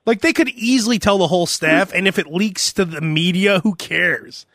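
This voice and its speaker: A man with a very high, bright voice hosts a casual podcast and keeps breaking into laughs. He acts out the lines of the people in his story. The sound is close and dry, with no room echo. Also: moderate pace. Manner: laughs often, acts out quotes. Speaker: podcast host. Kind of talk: casual chat.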